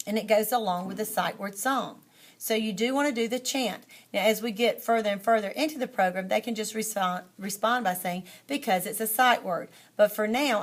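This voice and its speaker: A woman teacher trainer demonstrating a classroom lesson, modeling call-and-response reading drills and explaining the method to other teachers. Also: mid-range voice.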